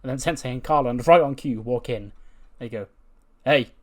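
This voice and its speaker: A man with a mid-range, slightly mellow voice talks briskly as he plays a wrestling management game. He's a let's-play commentator whose chatty, wry remarks are punctuated by frequent laughter.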